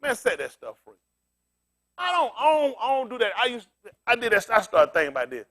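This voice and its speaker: Pastor guy preaching loose and loud, aave, high voice that jumps all over. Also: fairly quick. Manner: loud, animated street preaching, laughing asides.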